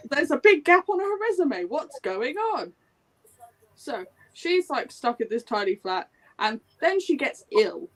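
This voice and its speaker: A woman with a bright, high voice talks casually in a book club discussion. She retells the story in a lively, animated way, slipping into quick acted quotes from the characters.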